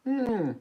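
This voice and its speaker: A man's voice: a little high, pushed and bright. Chatty self-deprecating livestream host, man. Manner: chatty, self-deprecating, answers viewer comments. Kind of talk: casual livestream chat.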